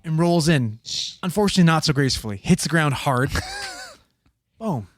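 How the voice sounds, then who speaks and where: A man telling a long, profane story in casual podcast chat, animated and acting out the quotes. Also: a little high, moderate pace, no room sound.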